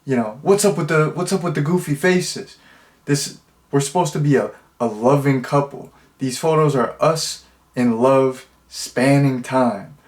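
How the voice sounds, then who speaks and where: A man's voice: mid-range voice, a little slow, natural voice. A man voicing an irritated young man who insists, exasperated, on how posed photos should look.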